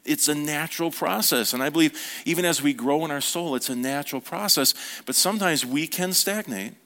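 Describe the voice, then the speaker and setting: A man with a fairly high-pitched voice delivers a chatty sermon. He talks in a relaxed, storytelling way and drops in playful asides. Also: fairly quick. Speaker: preacher. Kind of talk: conversational sermon.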